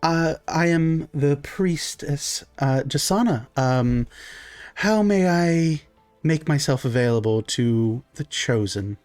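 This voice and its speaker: A man's voice: on the high side, lively intonation, takes it slowly, a little mellow, faint music behind. A man voicing a tiny, greedy pixie priestess who swindles people with pompous, foul-mouthed talk.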